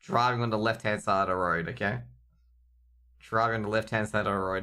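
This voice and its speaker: Bright-voiced Australian esports caster. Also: male voice, lowish voice, steady tone, a little fast, smooth. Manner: rambling, joking banter with chat. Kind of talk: live esports commentary.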